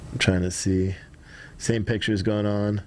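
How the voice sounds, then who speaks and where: A man's voice: fairly low pitch, flat delivery, measured pace, a little mellow, slight background noise. A man hosting a livestream, rambling, frustrated, reading chat aloud, and swearing now and then. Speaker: livestream host. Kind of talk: casual livestream commentary.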